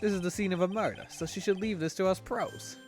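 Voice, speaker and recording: A man voicing a gruff, blustering male police detective while reading game dialogue aloud. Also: sits high, fairly even intonation, fast talker, faint music behind, voice pushed up, natural voice. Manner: blustering, calls people pal.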